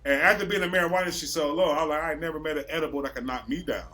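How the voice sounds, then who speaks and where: A man's voice: on the high side, racing, pushed and bright. A man from Racine, Wisconsin, a podcast host telling a story in loose casual chat, acting out the quotes and swearing freely.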